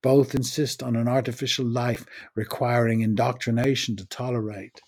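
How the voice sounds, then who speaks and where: A man's voice: medium pitch, flat delivery, normal speed, darkish tone, breathy edge. A man in his sixties, raised in the United States, giving a wry, opinionated spoken essay on his own podcast.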